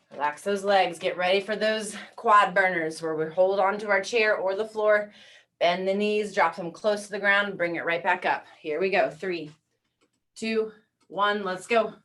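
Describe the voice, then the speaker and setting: Fitness instructor, woman, mid pitch; encouraging countdowns, recorded a bit away from the mic. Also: unhurried, distant mic. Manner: encouraging counting cues, calm coaching. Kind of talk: guided workout class.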